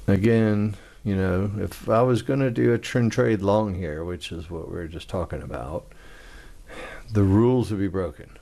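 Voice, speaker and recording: Low gravelly man explaining trades. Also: moderate pace, mellow. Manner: casual, conversational, acts out trader frustration. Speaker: trading instructor. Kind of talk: screen-share trading walkthrough.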